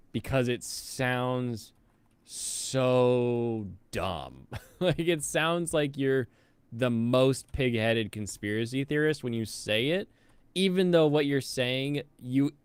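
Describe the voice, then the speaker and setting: A male streamer reacts sarcastically in a casual stream, laughing often and breaking into rants. His voice is smooth and resonant. The sound is dry and close. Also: medium pitch, dry recording. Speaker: stream host.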